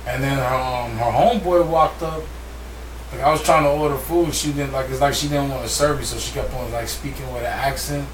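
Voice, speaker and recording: A man's voice: medium pitch, steady tone, fairly quick. A man cohosting a casual comedy podcast, boisterous, slangy and profane. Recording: roomy, distant mic with audible noise.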